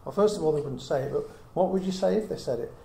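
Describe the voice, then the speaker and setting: A middle-aged man teaches the Bible earnestly to a small group in a quick, slightly high voice that is mellow with some creak. He reasons aloud through many rhetorical questions, in an echoey room with a faint hiss.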